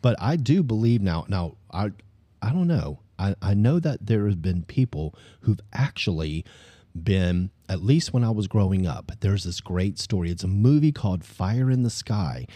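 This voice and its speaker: A man's voice: low voice, dark tone, slightly rough, dry recording. A man in his fifties from Mississippi, chatting casually as podcast host, rambling with many fillers. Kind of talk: casual chat.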